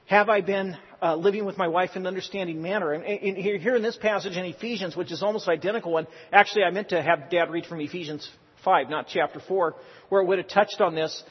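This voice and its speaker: A man's voice: high-pitched, fairly even intonation, quick pace, breathy edge. A man preaching a sermon in an earnest, exhorting way with joking asides. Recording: reverberant hall, dull lo-fi sound.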